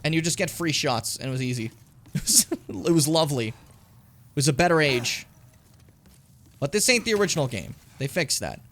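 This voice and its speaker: A man giving casual, animated commentary while playing a video game, swearing and yelping when things get tense. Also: on the high side, brisk, long pauses. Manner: animated, swearing, yelps and pleads when in danger.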